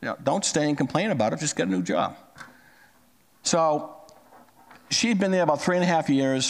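A man's voice: on the high side, creaky. A man in his sixties telling a personal story in a plain-spoken, conversational way. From United States. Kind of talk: storytelling talk.

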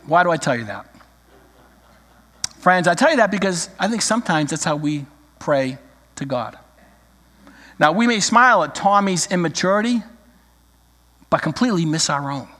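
A middle-aged man preaching a sermon, emphatic and slowing down to read scripture. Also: sits high, big pitch swings, a bit bright. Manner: emphatic, drawn-out scripture reading. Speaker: pastor. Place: church sanctuary. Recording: echoey church hall.

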